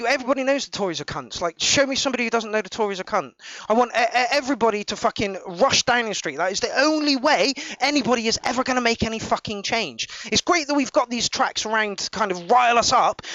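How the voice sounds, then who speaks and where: A man hosting a live song review, ranting and swearing with many halting restarts. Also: sits high, fairly bright tone, no room sound. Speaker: podcast host reviewing songs. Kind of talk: casual live review chat. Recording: dull lo-fi dry mic.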